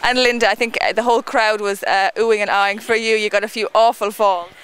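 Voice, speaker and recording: A woman interviewing jockeys outdoors at a race track, brisk and teasing. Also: medium pitch, steady tone, fairly bright tone, clean tone.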